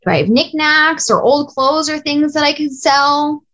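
A woman in her thirties coaching small business owners in a casual, lively way, blunt and swearing now and then. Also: high-pitched, unhurried, muffled recording.

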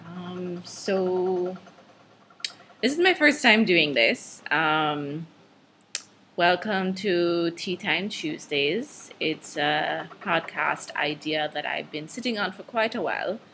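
A woman's voice: on the low side, expressive, slow, a bit bright, a little hiss or hum. A woman with a Jamaican accent hosting her own podcast in a casual solo monologue, nervous and rambling, laughing often between thoughts. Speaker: podcast host.

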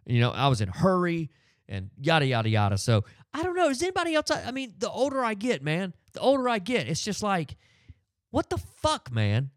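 Profane, animated man ranting casually. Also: high voice, brisk, no echo, clean studio sound. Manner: profane, animated storytelling with frequent fillers. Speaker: podcast host.

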